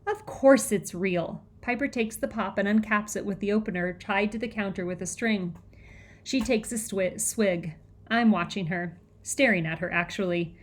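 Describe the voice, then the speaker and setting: A woman's voice: mid-range voice, normal speed. A woman narrating a children's novel in the first person, with tense, breathless storytelling. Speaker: audiobook reader.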